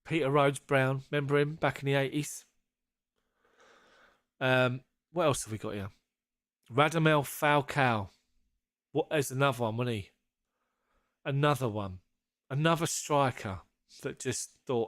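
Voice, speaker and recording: A man's voice: mid-range voice, normal speed, long pauses, fairly bright tone, no echo, clean studio sound. A man hosting a casual live fan stream. He is jokey, laughs often and swears casually as he chats with viewers.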